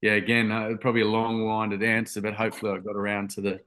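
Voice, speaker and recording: A man's voice: fairly low pitch, completely flat delivery, quick pace, fairly bright tone. A young man telling a story in an interview, earnest and rambling with many ums and restarts. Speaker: guest, youth workshop founder.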